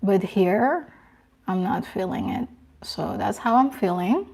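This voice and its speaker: A young woman talks slowly and unhurriedly in a casual live chat, answering her viewers. Her voice is soft and emotional, and she often stops and starts her sentences again. It sits at an ordinary middle pitch. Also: lively intonation, creaky, slightly rough. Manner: soft-spoken, emotional, halting with restarts. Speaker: host of a live stream.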